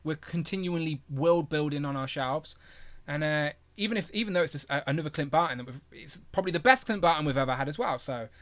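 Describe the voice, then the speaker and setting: A man with a somewhat high voice hosts a casual livestream. He talks in a rambling way and laughs at himself a lot. His tone is bright and forceful. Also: lively intonation, fast talker. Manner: rambling, laughs often, self-deprecating. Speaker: host of a toy collecting livestream. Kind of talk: casual chat.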